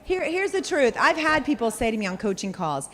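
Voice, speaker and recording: Woman sales coach, brisk and direct, slightly high voice, echoey hall. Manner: animated, direct, acts out examples. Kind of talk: coaching workshop talk.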